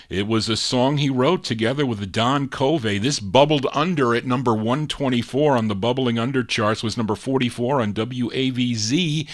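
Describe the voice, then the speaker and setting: A man's voice: medium pitch, a bit bright. A man hosting a live oldies record show as disc jockey, chatting casually about records and laughing at his own slips.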